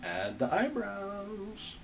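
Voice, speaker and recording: A man's voice: high voice, wildly swooping pitch, drawn-out words, gravelly, fairly bright tone, a little hiss or hum. A man giving a casual drawing tutorial as he sketches, rambling, muttering asides to himself, self-mocking and swearing now and then. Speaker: art tutor.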